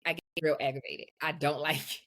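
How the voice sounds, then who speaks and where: A young woman co-hosting a podcast, chatting casually in a blunt, profane, animated way. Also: low-pitched, a little fast. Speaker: podcast co-host. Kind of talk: casual chat.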